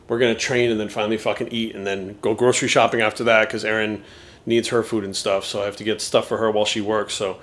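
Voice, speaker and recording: A young man chatting casually in a vlog, cursing often and getting excitable. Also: mid-range voice. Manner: profane and excitable, talks baby talk to his dog. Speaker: bodybuilding coach and vlogger.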